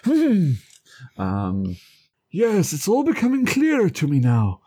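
A man voicing an excitable male hero who plays detective, with theatrical, high-pitched exclamations. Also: takes it slowly, breathy edge, no echo, studio quality, full character voice. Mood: pompous.

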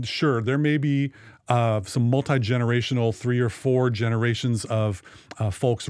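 A man's voice: mid-range voice, darkish tone, no room sound, studio quality. A man from the Pacific Northwest co-hosting a local podcast, rambling and joking as he corrects himself mid-sentence. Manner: jokey, rambling, self-correcting. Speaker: podcast co-host. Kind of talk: casual chat.

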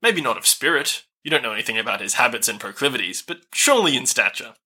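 A man's voice: medium pitch, very animated, fast, pushed and bright, husky. A man narrating as game master, loose and rambling with lots of filler words.

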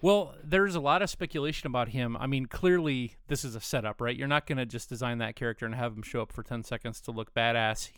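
A man's voice: medium pitch, fast, few pauses, fairly bright tone, clean tone, no echo, clean studio sound. A man co-hosting a casual chat, talking enthusiastically with lots of fillers. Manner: enthusiastic, rambling with many fillers. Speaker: podcast co-host.

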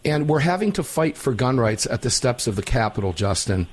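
A man's voice: medium pitch, very animated, brisk. A man hosting a talk radio show, brash and joking, tired after an overnight flight. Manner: brash, joking, repeats himself.

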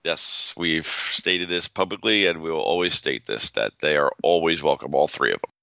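Deep-voiced man co-hosting a podcast. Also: normal speed, gravelly, pushed and bright, no echo, highs cut off. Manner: playful and wisecracking. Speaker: podcast co-host. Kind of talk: casual podcast banter.

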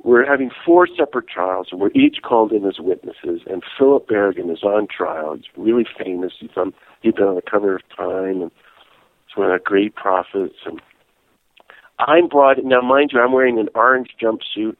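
A man telling a lively story in a casual interview, laughing as he goes. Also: on the low side, moderate pace, dry recording. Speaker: guest, peace activist and priest. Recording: tinny phone-like line.

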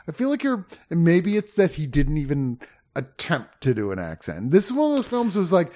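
Male podcast co-host, very animated pitch, blunt and casual. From Texas. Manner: blunt, swearing, quick to laugh along. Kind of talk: casual film review chat.

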